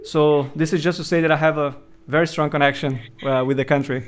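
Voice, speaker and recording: A man's voice: on the high side, fairly even intonation, brisk, clear, resonant tone. A man hosting an interview who asks friendly questions with frequent fillers. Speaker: podcast interviewer.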